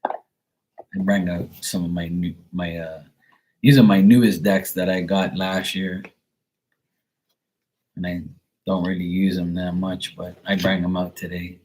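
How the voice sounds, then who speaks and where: Blunt low-voiced tarot reader. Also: male voice, level tone, a little slow, long pauses, a little mellow, a little hiss or hum. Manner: blunt, profane, rambling storyteller. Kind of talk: casual live stream chat.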